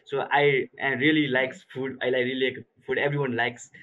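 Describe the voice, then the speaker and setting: A man from Nepal chatting as a workshop participant on a video call, earnest with halting phrasing. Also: mid-range voice, little pitch movement, narrow, tinny audio. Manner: earnest, non-fluent phrasing. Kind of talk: casual chat on a video call.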